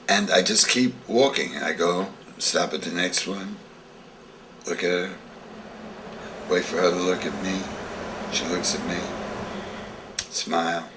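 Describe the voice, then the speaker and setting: Older guy w a really low voice spinning a story, acting it all out, faint hum in the background. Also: measured pace, pauses often, far from the mic. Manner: vivid storyteller, acting out scenes. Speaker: interviewee. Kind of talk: storytelling reminiscence.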